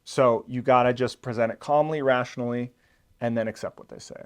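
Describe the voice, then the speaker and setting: A man's voice: mid-range voice, fairly even intonation, brisk, smooth. A man hosting an online video, explaining in a casual, conversational way with loose fillers, and acting out quoted patients with sudden emphasis. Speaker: channel host explaining a health topic.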